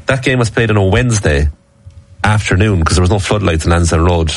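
A man recalling details in a quick, matter-of-fact way during casual chat. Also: lowish voice, no echo.

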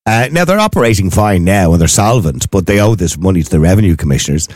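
Deep irish guy hosting, talks fast, dry sound. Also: expressive, darkish tone, no room sound. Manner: conversational, probing questions. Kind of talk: casual chat.

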